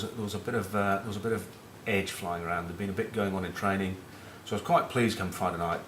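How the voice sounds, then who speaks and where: A man's voice: deep voice, pushed and bright, reverberant, a little hiss or hum. A middle-aged man from northern England with a Northern English accent, a former rugby captain rambling through cheeky, sweary match talk and anecdotes. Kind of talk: casual rugby chat with anecdotes.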